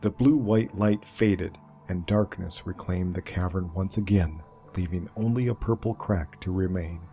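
A man narrating a dark fantasy story in a slow, measured way. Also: sits low, soft background music.

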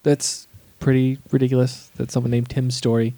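A man co-hosts a casual podcast in a mellow, warm voice. He chats with enthusiasm and gives his opinions freely. The recording is dry, with no room sound. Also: medium pitch, little pitch movement, moderate pace, no echo. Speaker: podcast co-host.

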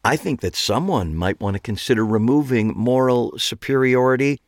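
A man's voice: medium pitch, normal speed, no echo, voice pushed up, natural voice. A man voicing a sardonic woman police officer who speaks dryly and teases. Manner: dry, sardonic. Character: dry, teasing woman police officer, middle-aged.

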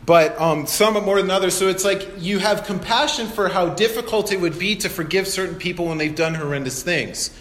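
A man's voice: sits high, brisk, few pauses, fairly bright tone, echoey room. A man preaching a sermon as pastor, conversational and explaining with asides and rhetorical questions.

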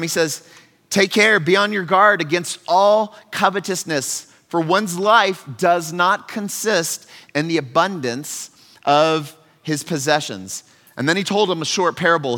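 A male pastor gives a sermon with a bright, forceful voice, pitched a little high. He talks in a casual, earnest way, moving between punchy emphasis and hushed asides. His voice rings through a hall with a long reverb. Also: animated, normal speed. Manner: conversational, earnest, shifts between loud emphasis and soft asides.

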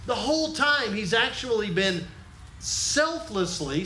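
A man preaching a sermon as pastor, animated and talking straight to his congregation, asking them to repeat lines after him. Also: high voice. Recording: echoey room with faint ambient noise.

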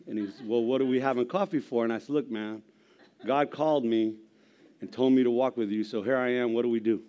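A middle-aged man telling his conversion story in a church, gruff and humorous, with a storyteller's pacing. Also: mid-range voice, fairly even intonation, fairly quick, mellow, dull audio. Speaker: lay preacher giving testimony. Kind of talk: sermon testimony.

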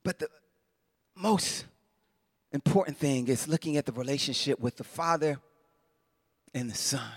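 A man preaching a sermon, heartfelt and emotional, often restarting his phrases and chuckling, moving between soft, low passages and louder bursts. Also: measured pace, pauses often, dry recording, clean studio sound.

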